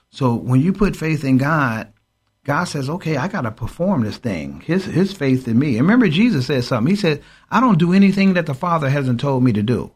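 A man co-hosting a Christian radio show, preaching emphatically and quoting scripture. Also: mid-range voice. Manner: emphatic, quotes scripture, exhorting.

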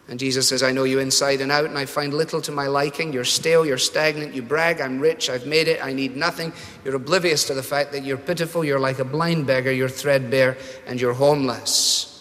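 A male preacher delivers a sermon with animated storytelling, his voice bright and a little higher than most men's. The sound rings out with a long reverb, as if in a large church hall. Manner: storytelling, animated, shifts pitch for quoted voices.

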